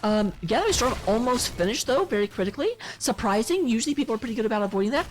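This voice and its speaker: A woman's voice: fairly high pitch, sing-song, racing. A woman casting a live online game match, giving chatty play-by-play with self-deprecating asides. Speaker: esports caster.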